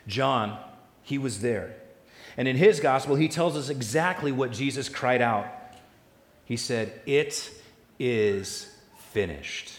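Preaching man in an echoing hall. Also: mid-range voice. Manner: swells loud on lists, drops soft and slow on key lines. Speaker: pastor. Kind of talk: sermon. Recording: echoey hall with long reverb.

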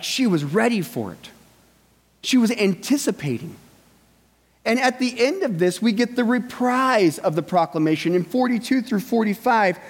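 A man's voice: high voice, long reverb tail. A male pastor giving a sermon in a conversational way, often checking in with his listeners. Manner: conversational, with frequent "right?" asides.

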